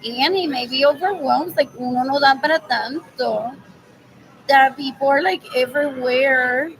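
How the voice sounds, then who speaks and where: Rambling high-voiced woman. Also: unhurried. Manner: rambling, repeats "what else" over and over; mixes Spanish phrases into English. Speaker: vlogger. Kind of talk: rambling monologue to camera. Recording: noisy ambient background.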